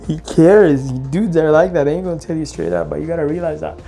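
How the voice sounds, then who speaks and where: Homem de voz suave dando conselhos. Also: male voice, fairly high pitch, fairly even intonation, fairly quick, gravelly, warm tone, faint music behind. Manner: emphatic, advice-giving. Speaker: podcast co-host. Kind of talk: casual reaction commentary.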